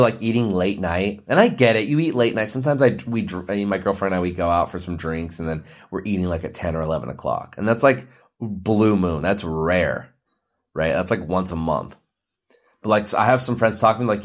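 A man's voice: on the low side, lively intonation, brisk. Blunt man ranting on a podcast. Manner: blunt, preachy, joking. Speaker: podcast host. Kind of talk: ranting monologue.

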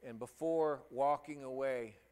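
A middle-aged man preaching a sermon and telling a personal story, halting and emotional, with many restarts. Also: medium pitch, a little mellow.

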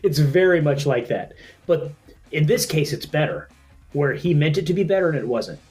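Dude rambling on a podcast, laughs a lot, slightly high voice, bit of music behind. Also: male voice, animated, moderate pace, darkish tone. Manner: laughs often, rambling with restarts. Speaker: podcast co-host and editor. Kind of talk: casual comedic podcast banter.

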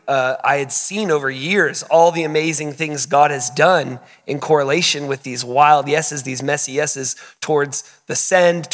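A man talking earnestly and casually in a live-stream chat, laughing often, with quick asides. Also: mid-range voice, fairly bright tone, in a large hall. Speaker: guest, missions school leader. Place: indoor living room.

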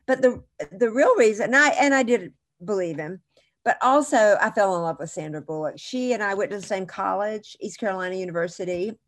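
A middle-aged woman guest in an interview, telling chatty, animated anecdotes with frequent restarts. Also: mid-range voice, a little fast. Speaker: actress guest. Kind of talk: casual interview storytelling.

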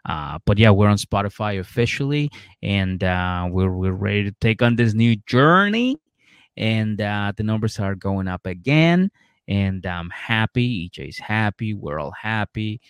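A man's voice: on the low side, animated, a little slow, clear, resonant tone, no echo. A man co-hosting a podcast, recapping a reality show in a laid-back, rambling, swearing way. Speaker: podcast co-host. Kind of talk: casual recap chat.

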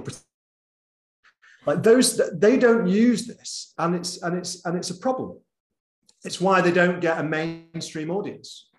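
Gravelly-voiced man giving a roomy online talk. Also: mid-range voice. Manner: conversational, varies volume and tempo, drops to near whisper at times. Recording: roomy echo.

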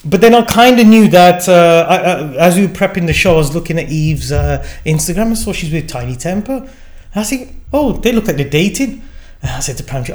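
A man's voice: high voice, expressive, a little fast. A middle-aged man telling a story as an interview guest, acting out the quoted lines with many fillers. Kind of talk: casual storytelling.

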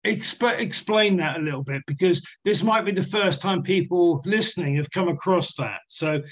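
This is a man hosting a podcast interview. His voice sits slightly high for a man. He speaks in a measured, steady way and asks his guest to spell things out for the audience. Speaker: podcast host. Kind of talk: conversational interview.

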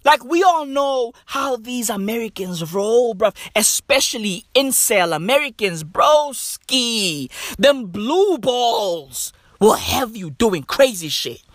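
A woman's voice: on the high side, sing-song, takes it slowly, hardly any pauses, no echo, clean studio sound. A woman from Africa, delivering a profane, slang-heavy comedic rant that keeps checking in with "right?". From South Africa.

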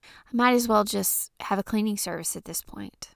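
A woman's voice: medium pitch, moderate pace, creaky, dry recording, studio quality. A woman in her thirties hosting a podcast, ranting casually and profanely with exasperation. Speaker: podcast host.

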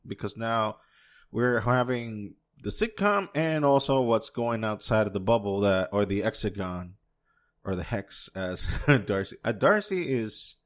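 A man from New York hosting a casual solo podcast, reviewing a show in a rambling, profane way and often chuckling to himself. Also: medium pitch. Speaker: podcast host.

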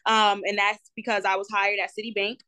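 A young woman in her twenties with a New Jersey accent talks freely and casually, full of slang and filler ums. Her voice sits mid-pitch and sounds dry and close. She comes across lively and talkative as an interview guest. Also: fairly quick, no echo. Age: 20s. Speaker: guest entrepreneur.

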